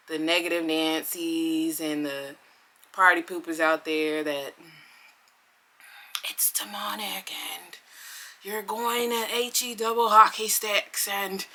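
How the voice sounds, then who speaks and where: A woman vlogging in casual chat, animated and giggly, with chatty asides and a drawn-out delivery. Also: sits low.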